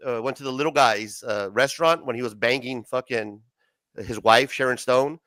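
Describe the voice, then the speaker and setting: A man's voice: medium pitch, normal speed, a bit bright, dry recording. A man hosting a casual late-night livestream, swearing a lot and laughing often. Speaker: livestream host.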